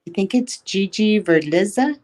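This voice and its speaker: A woman's voice: medium pitch, lively intonation, normal speed, darkish tone. Chatty woman co-hosting a stream. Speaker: livestream co-host. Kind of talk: casual livestream chat.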